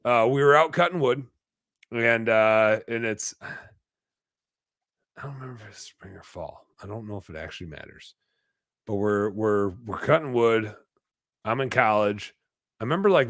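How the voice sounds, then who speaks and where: A young man telling a story on a podcast in a casual, animated way, swearing freely and acting out quotes. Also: on the low side, no room sound, studio quality. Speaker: podcast guest.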